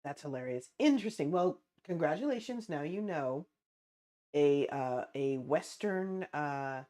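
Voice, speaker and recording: A woman's voice: low voice, lively intonation, a little slow, warm tone. A woman streaming late at night, chatting casually with her viewers as she eats, answering chat and laughing often. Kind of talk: casual livestream chat while eating.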